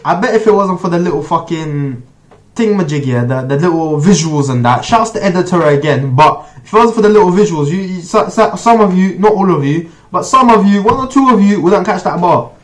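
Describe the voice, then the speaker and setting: A man's voice: high voice, fairly quick. A young man, reacting to a track in slangy, emphatic casual commentary. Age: 20s. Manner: emphatic, slangy, bursts of excitement. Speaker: reaction video host.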